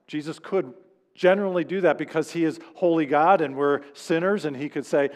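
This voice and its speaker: A male pastor preaches to his congregation in a casual, conversational way, now and then slipping into the voices of the people he quotes. His voice sits a little high for a man, and it rings out with the long reverb of a church sanctuary. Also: moderate pace, a little mellow. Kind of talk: sermon.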